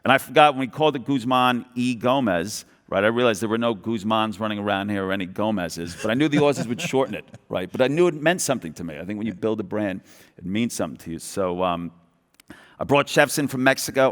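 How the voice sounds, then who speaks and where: This is a middle-aged man from New York with a thick Brooklyn accent, speaking at a brisk, rushing clip in a fairly low voice. He tells his story in an animated way, acts out little bits of dialogue and keeps restarting his sentences. The sound carries the long echo of a large conference hall. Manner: animated, quoting others in dialogue, quick restarts. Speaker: guest entrepreneur. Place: large event hall stage.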